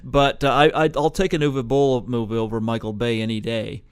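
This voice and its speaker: A male podcast host chatting casually and hesitantly, stopping and restarting often. His voice is medium in pitch and very dry, with no room sound. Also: little pitch movement, fairly quick, clear, resonant tone, no room sound. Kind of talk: casual interview chat.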